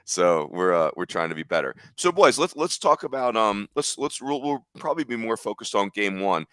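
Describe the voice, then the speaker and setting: A man's voice: fairly low pitch, big pitch swings, normal speed, fairly bright tone, smooth, no echo. A man hosting a casual sports talk show, jokey and upbeat, teasing his co-hosts as he leads the discussion. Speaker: podcast host.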